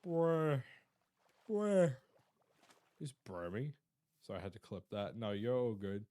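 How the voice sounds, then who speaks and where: A man's voice: on the low side, fairly quick, mellow, no echo. A young man streaming live. He chats casually with his viewers, jokes around, swears a lot and greets people in chat.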